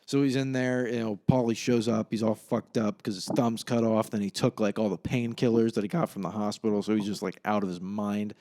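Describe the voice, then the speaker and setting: A man's voice: on the low side, fairly even intonation, a little fast, hardly any pauses, mellow. Rambling, profane young man on a podcast. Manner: rambling, profane, laughs at his own retelling. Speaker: podcast host. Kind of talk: casual solo podcast chat.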